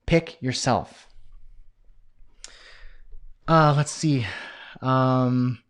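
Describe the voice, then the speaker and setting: Canadian man, course host, live q&a call, rambling and jokey, mid-pitched voice, lots of ums. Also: fairly even intonation, extremely slow, smooth. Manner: rambling and jokey, with many fillers. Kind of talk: live Q&A call, reading chat comments.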